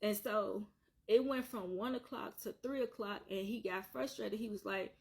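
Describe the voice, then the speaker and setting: A woman's voice: medium pitch, normal speed, gravelly, a little mellow, breathy edge. Earnest woman retelling a hard story. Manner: repetitive, earnest, circling back on points. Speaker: vlogger telling her own story. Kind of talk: emotional personal storytelling.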